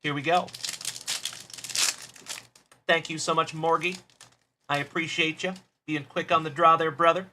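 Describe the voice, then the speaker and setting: A man hosts a trading card break livestream, upbeat and friendly, shouting out viewers by name as he opens cards. His voice is a little high with fairly even intonation, and he speaks a little slowly with long pauses over background noise.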